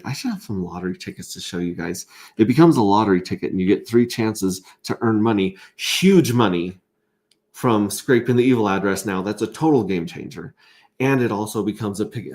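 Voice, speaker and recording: Excitable, rambling man hosting a livestream. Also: fairly low pitch. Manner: excitable, rambling, with stammered restarts. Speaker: livestream host. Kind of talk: casual livestream chat reading viewer comments.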